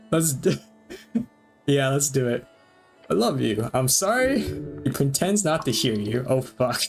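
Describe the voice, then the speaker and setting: A man streaming a game, reading its dialogue aloud between quick reactions and frequent laughs. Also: mid-range voice, animated, creaky, darkish tone, faint music behind. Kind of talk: let's-play commentary reading game text aloud.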